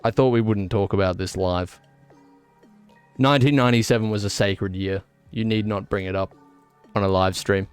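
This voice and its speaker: A man chatting casually on a live stream, excitable and laughing at his own jokes. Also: lowish voice, normal speed, pauses often, clean tone, faint music behind.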